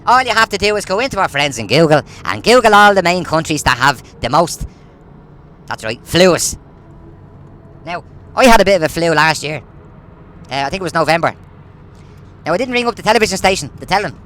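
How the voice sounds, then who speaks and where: A man's voice: fairly high pitch, sing-song, a little fast, long pauses, bright, forceful tone. A man, ranting in a casual monologue full of rhetorical questions. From Ireland. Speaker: vlogger.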